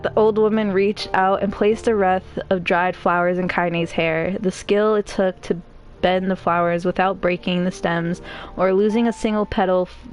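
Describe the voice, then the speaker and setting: A woman streamer reading a game's story aloud, breaking off for emotional, chatty reactions. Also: fairly low pitch. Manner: emotional, chatty asides between narration.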